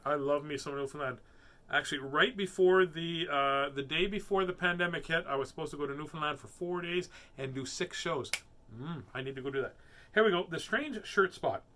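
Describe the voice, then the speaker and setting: A man with a bright, forceful voice sitting a little higher than most, chatting in a silly, rambling way. He then reads picture books aloud as host of a children's story show. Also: lively intonation, moderate pace. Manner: playful and silly, rambling asides. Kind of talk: casual chat and picture book reading.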